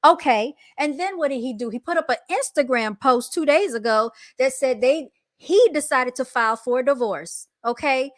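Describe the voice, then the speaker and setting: A woman hosting a casual reaction commentary, animated and emphatic, often calling out to her viewers. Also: high voice, moderate pace, few pauses, no echo, studio quality. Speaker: commentary host.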